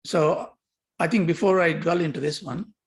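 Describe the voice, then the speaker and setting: An older man giving a lecture on yoga philosophy, lively and questioning, often repeating himself. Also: fairly high pitch, moderate pace.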